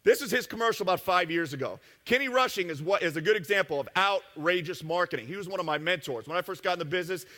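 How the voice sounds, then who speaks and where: Male seminar speaker, brash and joking, bright tone, echoey hall. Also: high voice, animated. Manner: brash, joking, rapid asides to the audience. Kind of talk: live seminar talk. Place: event room with an audience.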